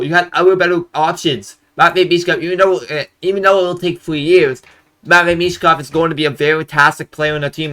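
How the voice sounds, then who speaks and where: A man's voice: on the high side, bright, forceful tone. A young man hosting a hockey fan channel, ranting angrily and profanely about a draft pick, repeating himself. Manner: frustrated, profane, repetitive. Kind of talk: angry fan rant.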